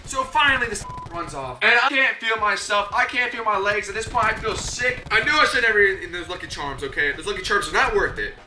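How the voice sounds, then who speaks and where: A young man telling a comedic story, animated and slangy, acting out his own voice and his coaches' voices. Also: sits high, brisk, hardly any pauses, a little hiss or hum. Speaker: YouTuber. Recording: echoey room, a bit distant from the mic, faint music.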